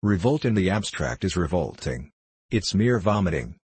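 Man reading a young male poet, impassioned, declamatory, deep voice, dry sound. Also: very animated, moderate pace, darkish tone, breathy edge, dry recording, heavily acted. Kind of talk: audiobook character reading.

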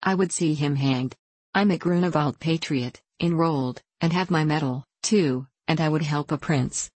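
A woman's voice: deep voice, normal speed, darkish tone, no room sound. A woman voicing an angry, scornful male huntsman in a storybook reading, blustering as she speaks.

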